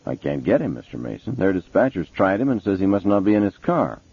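A man doing a respectful, low-key young officer. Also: big pitch swings, quick pace, gravelly, slightly rough, no room sound, full character voice. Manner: respectful, dry, understated. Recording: tinny phone-like sound, dry.

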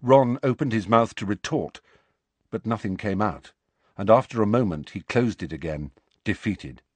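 A man narrating an audiobook in an expressive storytelling manner. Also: lowish voice, normal speed, slightly rough, dry recording. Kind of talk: scripted narration.

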